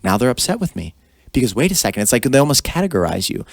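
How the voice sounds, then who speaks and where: A man's voice: medium pitch, big pitch swings, fast, vocal fry, dry recording, studio quality. A man hosting a podcast interview, earnest and reflective as he draws out his guest. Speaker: podcast host. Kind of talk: conversational interview.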